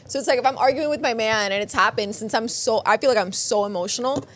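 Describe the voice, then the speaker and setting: A woman's voice: on the high side, fast. A young woman guest chatting on a podcast, talking freely with lots of fillers and laughing often. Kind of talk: casual chat.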